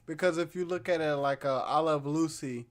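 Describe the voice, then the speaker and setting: A man's voice: fairly high pitch, moderate pace. A man co-hosting a podcast, tipsy and laid-back, agreeable, with casual swearing. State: tipsy from whiskey. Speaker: podcast co-host. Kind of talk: casual drunken chat.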